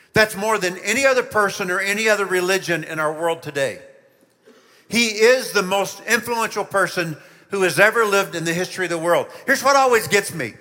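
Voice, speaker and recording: A man with a high, bright voice leads a children's sermon, telling the story with animated emphasis and asking his listeners questions. His voice rings out with the long reverb of a church hall. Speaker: pastor.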